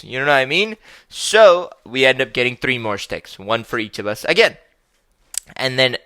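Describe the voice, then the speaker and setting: A man's voice: medium pitch, very animated, measured pace, bright, forceful tone, clean tone, no room sound. A young man hosting a podcast, telling a story in a casual, joking way and swearing offhandedly. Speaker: podcast host.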